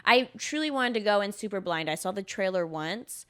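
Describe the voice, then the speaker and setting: A woman's voice: medium pitch, expressive, normal speed, fairly bright tone, smooth. A young woman co-hosting a podcast, chatting casually and sarcastically with lots of filler words. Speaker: podcast co-host. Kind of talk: casual chat.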